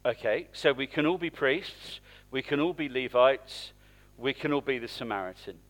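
A man's voice: medium pitch, lively intonation, moderate pace, fairly bright tone. A man preaching in church, speaking conversationally and asking the congregation questions. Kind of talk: interactive sermon.

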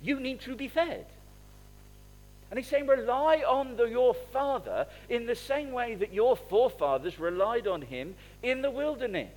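Pastor, middle-aged man, high and lively delivery, chatty sermon with sudden loud bursts. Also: moderate pace, hardly any pauses, faint music behind, low-quality recording. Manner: animated, conversational preaching with wide swings in loudness.

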